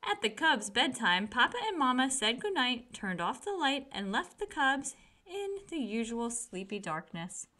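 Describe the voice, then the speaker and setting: A woman reading a children's picture book aloud with gentle, expressive storytelling. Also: sits high, unhurried.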